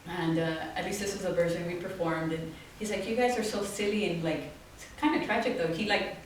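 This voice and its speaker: A woman's voice: on the low side, brisk. Woman storytelling at a talk, laughs a lot, does little voices, kinda far off, super echoey room. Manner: animated, laughing, acting out voices in quotes. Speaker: guest artist. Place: small office event space. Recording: very echoey room, from off-mic, faint noise.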